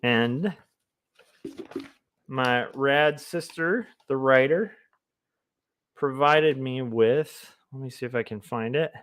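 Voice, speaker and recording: A man's voice: mid-range voice, slow, long pauses, fairly bright tone, clean tone. A man, a comic artist, chatting casually on a livestream in a rambling, self-amused way. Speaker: comic artist streaming his work.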